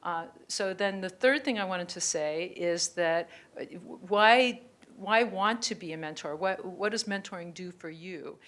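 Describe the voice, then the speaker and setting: A woman's voice: on the low side, unhurried, few pauses, a bit bright. A woman institute director giving conversational opening remarks at a seminar in a university auditorium. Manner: conversational, with small restarts. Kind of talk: introductory remarks.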